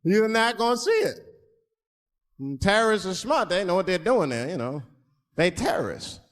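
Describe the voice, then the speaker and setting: A male stand-up comedian tells his stories in a loose, slangy, conversational way, with a lively, bouncing pitch that sits a little high. His voice carries a long reverb from a large performance hall. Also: measured pace.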